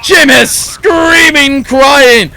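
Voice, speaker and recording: A young man hosting a let's play, telling a rambling, giggly story in a playful, animated way. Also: very high voice, drawn-out words, raised voice.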